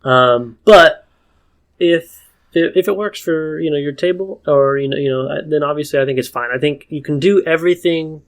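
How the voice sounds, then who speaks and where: A man's voice: on the high side, moderate pace. A man co-hosting a casual podcast about tabletop games, talking in a rambling way with many fillers and restarts. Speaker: podcast co-host.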